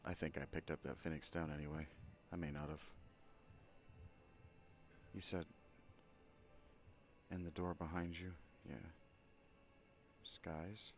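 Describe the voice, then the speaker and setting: A man casually commenting while playing a video game, soft-spoken and reflective. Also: a bass voice, little pitch movement, slow, pauses often, faint music behind. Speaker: game streamer. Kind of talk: casual let's-play commentary.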